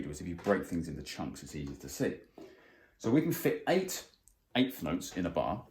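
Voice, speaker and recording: A man teaching a guitar music theory lesson, explaining plainly and counting beats out loud. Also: low voice. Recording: roomy sound with faint guitar.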